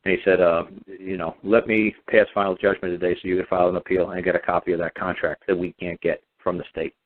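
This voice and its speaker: A man's voice: low voice, little pitch movement, fast. A man on a radio show telling his story in an emphatic, repetitive, defiant way. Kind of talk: impassioned radio talk. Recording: tinny phone-like line.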